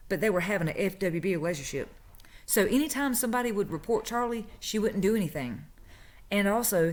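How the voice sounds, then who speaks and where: A woman, casually telling a story about her old job and acting out the people she quotes. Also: medium pitch. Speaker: vlogger telling a work story.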